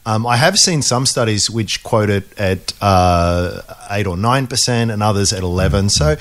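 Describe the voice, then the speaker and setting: Relaxed Australian man explaining investing. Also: lowish voice, moderate pace. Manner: relaxed, explanatory, with many restarts. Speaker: podcast co-host, investing analyst. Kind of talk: casual finance podcast chat.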